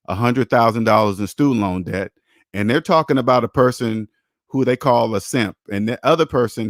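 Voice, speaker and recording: A man's voice: mid-range voice, dry recording. Man, finance stream host, blunt and preachy, curses for emphasis, dry close recording. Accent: American English. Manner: repeats himself, rises sharply when mocking. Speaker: personal finance show host. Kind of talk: live Q&A stream, answering chat.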